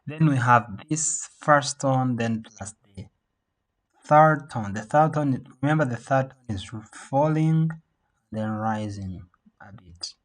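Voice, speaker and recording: A man teaching a beginner Mandarin class over a video call, saying words slowly for learners to repeat. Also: medium pitch, rough recording. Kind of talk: online language lesson.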